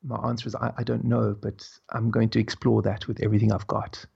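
Gravelly, husky man musing slowly. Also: lowish voice, level tone, muffled recording. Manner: slow, musing, laughs softly between thoughts. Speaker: guest, spiritual teacher. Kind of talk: reflective conversational storytelling.

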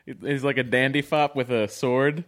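A man co-hosting a podcast who chimes in with quick ideas and laughs easily. His voice has an ordinary male pitch. He keeps it loose and conversational. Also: fairly even intonation, fairly bright tone. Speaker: podcast co-host. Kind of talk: casual chat.

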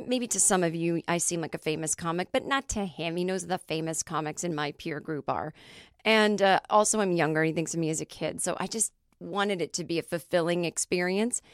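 A woman's voice: on the low side, brisk, no room sound, studio quality. A woman comedian hosting her podcast, telling a rambling story with self-deprecating asides. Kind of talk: solo comedic monologue.

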